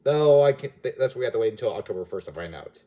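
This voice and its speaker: A man's voice: medium pitch, lively intonation, fast, mellow. A man giving a casual, rambling movie review, often restarting and correcting himself mid-sentence. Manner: rambling, self-correcting, chatty.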